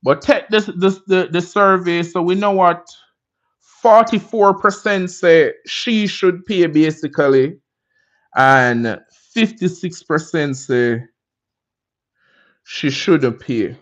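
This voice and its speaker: Jamaican guy hosting his live, easygoing and chatty, slightly high voice, kinda muffled audio. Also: slow. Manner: laid-back, chatty, tags lines with "you understand me?". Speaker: livestream host. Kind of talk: casual livestream chat.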